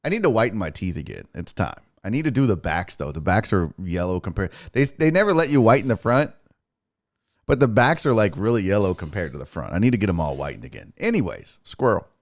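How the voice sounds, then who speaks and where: A man's voice: on the low side, very animated, fast. A man hosting his own show, telling a rambling casual story and acting out the voices of himself and his cat. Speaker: sports show host.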